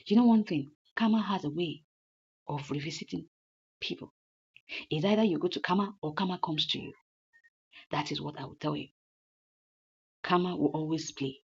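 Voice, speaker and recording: A woman's voice: low-pitched, moderate pace, pauses often, a little mellow, slightly rough. A woman retelling a drama story in a loose, chatty narration, often repeating her lines. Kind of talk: casual story recap. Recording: dull lo-fi recording.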